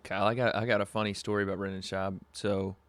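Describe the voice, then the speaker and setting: A man's voice: lowish voice, little pitch movement, quick pace, a bit bright, dry recording. A young man from Southern California hosting a podcast livestream, telling a rambling story with lots of fillers, on a webcam mic. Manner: laid-back, rambling with frequent fillers and laughs. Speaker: podcast host.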